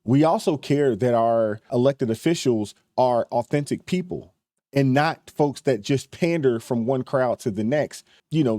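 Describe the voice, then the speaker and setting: A man's voice: medium pitch, dark tone, dry recording, clean studio sound. A man hosting a reaction commentary channel, speaking emphatically and repeating his points with indignation.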